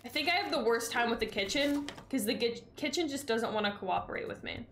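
A woman's voice: fairly high pitch, expressive, a little fast, fairly bright tone, a little hiss or hum. A woman streaming a game in casual chat, exasperated and sarcastic, swearing freely. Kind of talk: casual live-stream chat while gaming.

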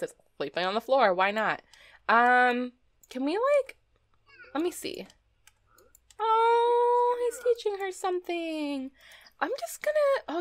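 Brief: young female let's-player, giggly and chatty, a bit high-voiced, reacting out loud. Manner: chatty, giggly, exclaims at small things. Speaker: let's play host. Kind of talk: casual gameplay commentary.

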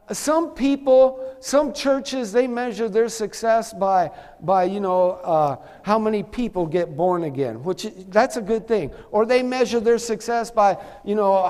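A pastor delivers an emphatic sermon in a church sanctuary, his high, darkish-toned voice carrying a big-room sound. He urges the congregation to respond to him.

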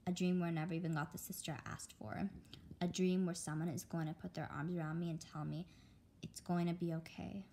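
A woman reading a graphic novel aloud with expressive storytelling. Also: on the low side, a little fast, a little hiss or hum. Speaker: reader.

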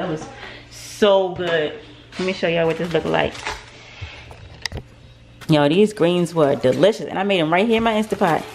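A woman's voice: lowish voice, a little hiss or hum. A young woman, chatting casually to camera in her home kitchen, laughing often and calling her viewers "y'all.". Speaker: vlogger, mother.

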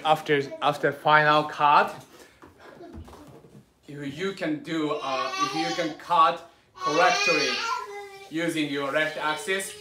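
A man with a Japanese accent leads a livestreamed sword lesson from home. He talks haltingly, with many fillers, coaching and reassuring his students. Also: fairly high pitch, very noisy. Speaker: sword instructor.

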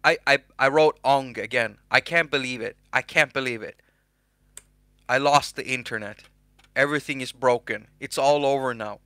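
A man hosting a casual software tutorial, chatty and self-mocking. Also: mid-range voice, moderate pace, no room sound. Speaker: host.

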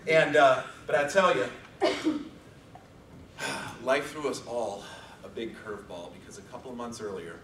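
A man from Chicago giving an animated, joking competition speech to an audience in a large hall. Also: medium pitch, measured pace, long pauses, background noise. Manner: animated storytelling with jokes. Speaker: speech contest contestant. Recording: echoey hall from far off.

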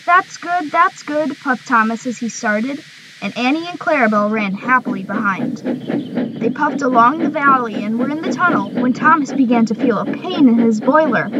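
A woman narrating a children's railway story in a gentle, measured reading voice. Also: on the high side, lively intonation, noisy background. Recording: music bed behind the voice. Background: background music.

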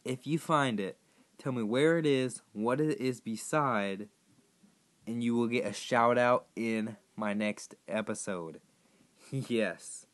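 A hoarse man who has partly lost his voice, chatting casually to viewers as he plays a game and sets tasks for them. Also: mid-range voice, takes it slowly. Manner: rambling, chatty, addressing viewers directly. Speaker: gaming YouTuber. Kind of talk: casual gameplay commentary.

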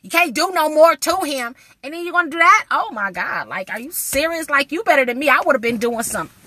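A woman's voice: sits high, animated, fairly quick, bright, forceful tone, dry recording. A woman, ranting to her camera in a blunt, indignant vlog full of swearing. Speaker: vlogger. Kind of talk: casual vlog rant to camera.

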